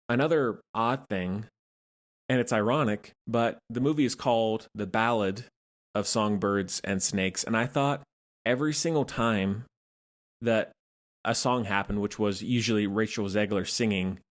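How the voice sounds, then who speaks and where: Frank casual man reviewing a film. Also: fairly low pitch. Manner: frank, conversational, hedging with fillers. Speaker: podcast host reviewing films.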